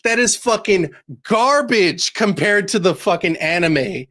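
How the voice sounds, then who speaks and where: Excitable swearing podcast man. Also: sits high, a little slow. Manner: excited, swears a lot, acts out scenes. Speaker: podcast co-host. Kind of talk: casual chat.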